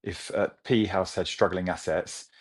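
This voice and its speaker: Enthusiastic British businessman, low voice. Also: normal speed, slightly rough. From Britain. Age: 40s. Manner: enthusiastic, animated storytelling with laughs. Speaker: CEO guest. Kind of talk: business interview.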